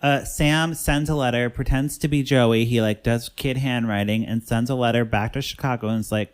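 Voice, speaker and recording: A man's voice: mid-range voice, steady tone, moderate pace, few pauses, clear, resonant tone. A man hosting a podcast, loosely recapping a movie plot in casual chat with lots of fillers. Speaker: podcast host.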